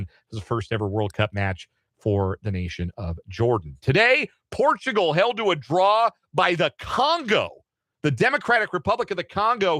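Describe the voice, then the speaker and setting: A male sports radio host running through the day's scores with a bright, forceful voice. He talks loosely, cracking jokes and correcting himself as he goes. The sound is dry and close on a studio mic. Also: mid-range voice, no room sound. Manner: loose, joking, with asides and self-corrections. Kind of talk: sports radio headlines roundup.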